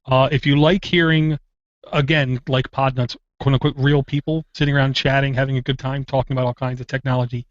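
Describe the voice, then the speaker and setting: A man's voice: mid-range voice, flat delivery, a little fast, no echo. A man hosting a tech podcast, chatty and wry, drifting off on tangents in casual talk. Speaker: podcast host. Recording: dull lo-fi dry podcast audio.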